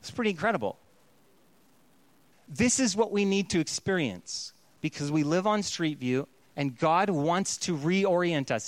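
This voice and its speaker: A man's voice: high-pitched, no echo. A man preaching a sermon in a conversational, playful way, slipping into voices to act out what people say. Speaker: pastor.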